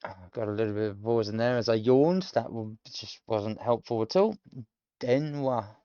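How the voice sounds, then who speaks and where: With a fairly low, warm, clean voice, this British man in his thirties talks a little fast as he thinks aloud about learning a language on his own stream. He explains pronunciation and rambles with many ums, and the recording has no echo but is muffled.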